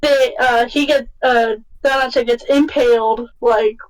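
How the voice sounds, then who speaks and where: A woman talking casually on a podcast in a high voice, rambling and stopping to search for words. She sits a little back from the microphone, so she sounds slightly distant. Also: fairly even intonation, a little slow. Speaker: podcast co-host.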